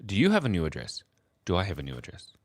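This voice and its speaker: A man's voice: deep voice, wildly swooping pitch, fast. A sleepy man, hosting a casual live stream and rambling, giggling and joking with chat as he draws. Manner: rambling, giggly, self-mocking, talks while drawing. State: sleepy, early morning. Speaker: livestream host drawing for chat.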